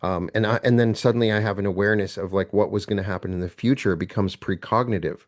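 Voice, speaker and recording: Low-voiced male podcast host. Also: fairly even intonation. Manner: thoughtful, slightly halting. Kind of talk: interview questions.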